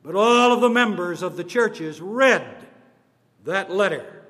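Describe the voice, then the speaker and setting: A man giving a formal address on church history, slow and deliberate, stressing his words one by one. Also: sits high, lively intonation, fairly bright tone. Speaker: church speaker on denominational history. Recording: long reverb of a large hall.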